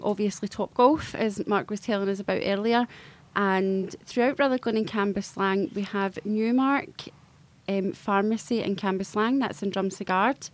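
A woman, a charity project worker, answering radio interview questions in an easygoing way with many ums. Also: medium pitch.

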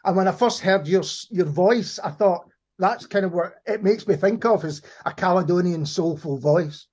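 Male interview host, high-pitched, relaxed and a little stammery; dull muffled sound. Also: normal speed, breathy edge. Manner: easygoing, stammers at the start of phrases. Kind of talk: casual interview.

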